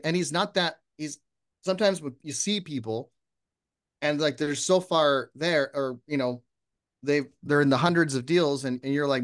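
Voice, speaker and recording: Guy chatting as a podcast guest, slightly high voice, acts out little quotes. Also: moderate pace. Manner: animated, acts out sample posts in voices. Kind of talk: casual interview talk.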